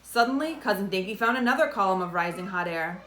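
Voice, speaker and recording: A woman's voice: medium pitch, fast. A woman reads a children's chapter book aloud. She lifts her voice for the characters' lines and drops it for the narration. The recording has a roomy echo. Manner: lively voices for dialogue. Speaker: storybook reader.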